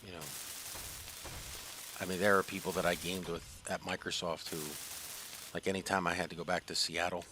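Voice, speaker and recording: Deep-voiced man rambling over game chat. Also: little pitch movement, moderate pace, long pauses. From East Coast of the US. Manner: rambling storyteller, many fillers. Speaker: gaming channel host. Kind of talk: casual gaming chat. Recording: noisy background hiss.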